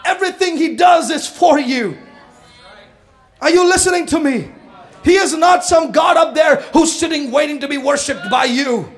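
A man preaching a sermon to his congregation, swinging between shouted fervor and hushed, intense passages. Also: very high voice, normal speed. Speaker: pastor.

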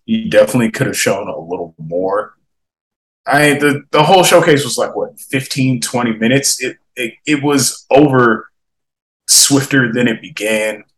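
A young man hosting a casual gaming podcast, reading out viewer comments with slangy, animated reactions and frequent laughs. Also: medium pitch, moderate pace, rough recording. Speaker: podcast host.

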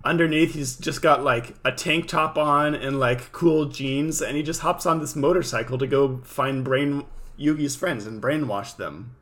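A man's voice: medium pitch, a little slow, fairly bright tone. A man co-hosting a casual podcast, recapping with jokes and silly voices. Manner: joking, does silly character voices. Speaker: podcast co-host.

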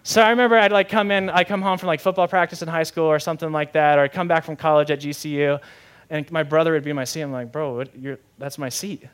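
A young man preaching a sermon in a lively, conversational way, often asking the audience questions. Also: fairly high pitch, fast talker, clear, resonant tone. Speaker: pastor.

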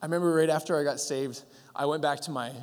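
A young man giving a sermon in a relaxed, storytelling way, full of fillers and acted-out lines. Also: fairly high pitch, fast talker, clean tone. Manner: casual storytelling with fillers, acting out God's voice. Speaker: pastor. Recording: long hall reverb.

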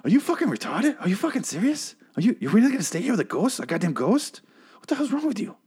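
A brash, foul-mouthed ranting tough guy, put on by a man mid-recap. The voice is pushed up high and strained, firing off insults in a burst. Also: sing-song, fast, a little mellow, slightly rough, heavily acted. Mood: incredulous ranting.

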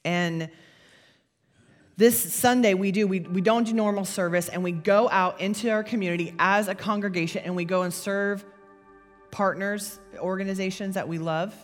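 A woman pastor, preaching a sermon in a conversational, animated storytelling way. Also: mid-range voice, normal speed, faint music behind.

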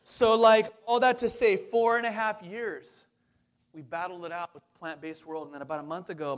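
Chatty high-voiced male pastor. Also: fairly even intonation, moderate pace. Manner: chatty and upbeat, full of fillers and asides to the congregation. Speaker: lead pastor. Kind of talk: casual conversational sermon.

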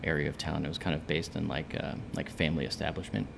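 A man's voice: very deep voice, flat delivery, fast talker, vocal fry, background noise. A man chatting casually as a guest, talking in a rambling way with many fillers and hesitations. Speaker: coffee shop guest. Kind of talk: casual chat.

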